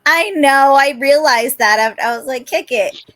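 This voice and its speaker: A woman's voice: sits high, normal speed, a bit bright. A woman guesting on a podcast over an online call, chatty and upbeat. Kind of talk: casual chat.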